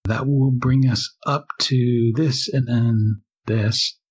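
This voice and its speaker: A man narrating and refereeing as game master of a tabletop game, measured and full of fillers. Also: medium pitch, steady tone, breathy edge. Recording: dull lo-fi recording.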